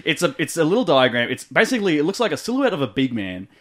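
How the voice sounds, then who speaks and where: A man's voice: on the high side, big pitch swings, fast, a bit bright. A man with an Australian accent hosting a radio show, playful and hammy, laughing often. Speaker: radio host. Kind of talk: comedic radio banter.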